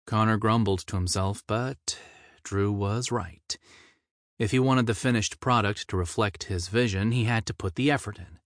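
A man reading a novel aloud as narrator, steady and measured. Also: fairly low pitch, dry recording, clean studio sound. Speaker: audiobook narrator. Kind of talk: scripted narration.

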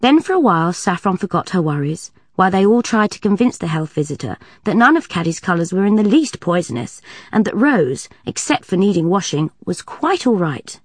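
A woman narrating a children's storybook aloud in an even, clear manner. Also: lowish voice, brisk, dry recording. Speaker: audiobook narrator. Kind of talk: storybook reading.

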